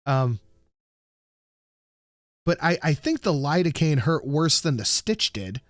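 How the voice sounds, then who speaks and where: A man's voice: fairly high pitch, sing-song, takes it slowly, fairly bright tone, dry recording. Rambling, swearing male streamer, dry sound. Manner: rambling, swearing storyteller who reads out chat. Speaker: livestreamer. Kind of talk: casual chat.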